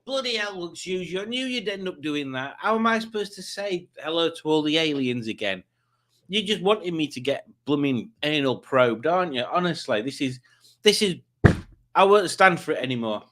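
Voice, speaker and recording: A man's voice: on the high side, expressive, moderate pace, fairly bright tone. Jokey man hosting a stream. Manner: rambling, self-mocking, jokey. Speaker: quiz stream host. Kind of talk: casual livestream chat.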